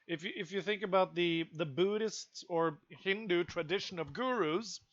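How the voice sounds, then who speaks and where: A young man streaming, ranting to his chat in an exasperated, profane way with sudden loud outbursts. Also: high-pitched, moderate pace, highs cut off.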